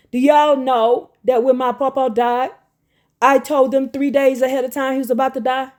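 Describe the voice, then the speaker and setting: A woman's voice: high voice, darkish tone. A woman giving a rambling, emphatic religious monologue to her viewers. She repeats herself and turns confrontational. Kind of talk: direct-to-camera religious monologue.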